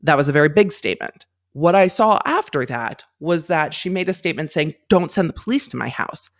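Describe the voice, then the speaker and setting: A woman in her forties hosting a casual livestream. She speaks bluntly and emphatically, swears freely, and stops to read and thank viewers in the chat. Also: lowish voice. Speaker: legal commentary livestream host.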